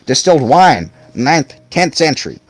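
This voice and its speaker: A man's voice: fairly high pitch, sing-song, moderate pace, dry recording. A man doing a chatty lecturing barfly. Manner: talkative, lecturing. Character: chatty male bar patron, lecturing.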